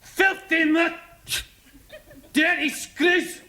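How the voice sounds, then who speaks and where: A man's voice: very high-pitched, fairly even intonation, very slow, pushed and bright, voice pushed up, heavily acted. A man voicing a furious Scottish male prisoner who bellows insults in a Scottish accent. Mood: raging. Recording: TV studio audience laughter.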